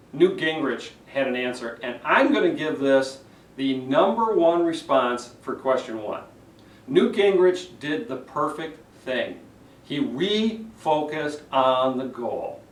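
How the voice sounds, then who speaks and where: Animated male speaking coach with lively pitch. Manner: animated, demonstrative, with vocal examples. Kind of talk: speech evaluation lesson. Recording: roomy echo, distant mic.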